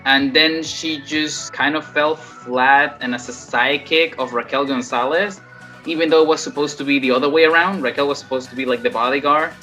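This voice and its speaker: A host talks through a ranked list in a measured, steady way. The voice sounds bright and forward. Soft music sits faintly behind. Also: medium pitch. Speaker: channel host. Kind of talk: casual wrestling commentary.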